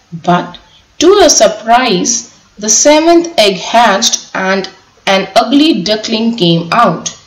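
Slow, careful woman teacher in an echoey room. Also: fairly high pitch. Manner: slow, careful, spells words letter by letter. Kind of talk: online class lesson reading a story aloud.

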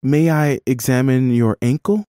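A skeptical but kindly young peasant woman speaks with careful, guarded politeness, as a male audiobook reader puts her on. The voice is lifted from a dark, mellow base. The sound is dry and close. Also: medium pitch, a little slow, no echo, voice pushed up, lightly acted. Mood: polite. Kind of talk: audiobook character voice.

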